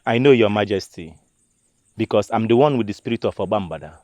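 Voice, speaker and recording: Guy playing a devoted nigerian seer, low mellow voice, deferential. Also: expressive, a little fast, no room sound, lo-fi sound, natural voice. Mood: concerned. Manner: deferential, earnest. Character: loyal male seer serving a troubled king. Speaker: spiritual adviser to the king.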